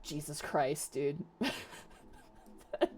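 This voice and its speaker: A young woman streamer casually retelling a novel for her chat, animated and exasperated, swearing freely. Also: low voice, very slow, heavy background noise. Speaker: VTuber streamer. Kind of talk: casual livestream book retelling. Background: faint music.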